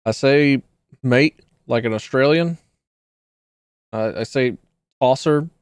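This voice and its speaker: A man's voice: mid-range voice, unhurried, smooth, dry recording, clean studio sound. A man streaming a video game live, chatting casually with viewers, joking, swearing freely and reading in-game documents aloud.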